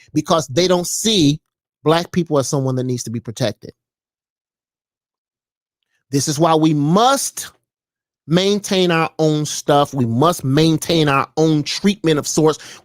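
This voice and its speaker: A commentary vlogger ranting with a lively voice that swings up and down, preaching and mocking by turns. The sound is dry and close to the mic. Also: medium pitch, no room sound. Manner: animated, preachy, mocking, jumps between voices.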